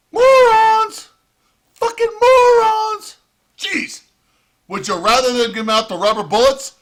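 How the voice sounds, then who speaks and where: A man's voice: high-pitched, pushed and bright. A man ranting in profane, heated commentary with sarcastic outbursts. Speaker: vlogger.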